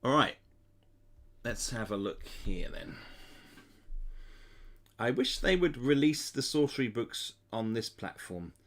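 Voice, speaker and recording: A man reads a gamebook aloud, his pitch rising and falling expressively. He breaks off now and then for casual asides to his viewers, sounding relaxed and chatty. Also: slow, pauses often. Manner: lively reading with casual asides to chat. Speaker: gamebook player and channel host. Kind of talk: reading aloud and commenting on a gamebook.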